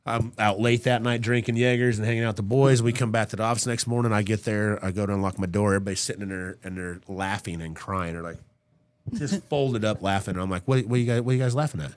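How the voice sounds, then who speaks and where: A man's voice: fairly low pitch, fairly even intonation, fast. A middle-aged man, a podcast guest, telling a story in casual chat, laughing often and acting out his own lines. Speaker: podcast guest, former undercover agent.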